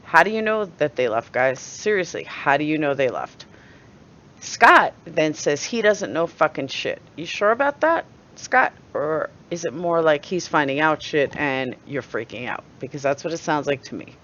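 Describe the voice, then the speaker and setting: A woman's voice: low-pitched, animated, normal speed, a bit bright. A woman with a New York accent giving blunt, sarcastic commentary and swearing freely, with a dull lo-fi recording sound. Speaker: channel host. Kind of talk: opinionated commentary.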